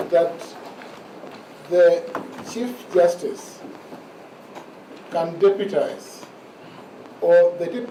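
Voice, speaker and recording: A man argues before the bench in a formal, measured way, slowing down to press his points. His voice sits a little high. He is picked up from a distance in a reverberant courtroom with constant background noise. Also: mellow. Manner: formal, measured, repeats "my lords" and slows to stress points. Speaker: advocate arguing in court. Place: large courtroom.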